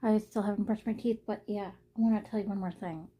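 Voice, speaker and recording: A woman's voice: mid-range voice, fairly even intonation, fast talker, warm tone, breathy edge. A young woman talking casually to her viewers in a personal vlog, rambling and earnest, often repeating herself. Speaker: vlogger.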